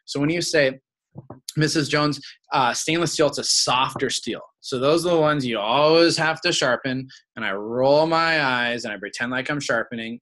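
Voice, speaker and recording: A man giving a casual sales training talk, acting out pitch lines to customers and checking in with "right?". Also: pushed and bright. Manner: acts out sales lines with shifts in tone; conversational, frequent "right?" tag questions.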